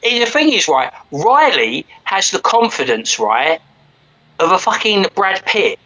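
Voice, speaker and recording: High, bright London man; sweary, rambling co-host banter. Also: sing-song, unhurried, poor audio. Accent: London English. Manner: swearing, rambling, cockney slang. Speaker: stream co-host. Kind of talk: casual stream chat.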